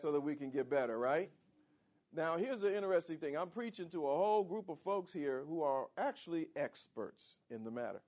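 A man preaching a sermon as pastor, animated and calling on the congregation for responses. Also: a little high, fairly quick. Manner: animated, calls for audience responses.

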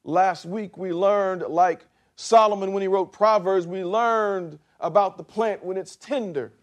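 A middle-aged male pastor preaching a sermon, slow and emphatic, swinging from quiet to loud for effect. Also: high-pitched.

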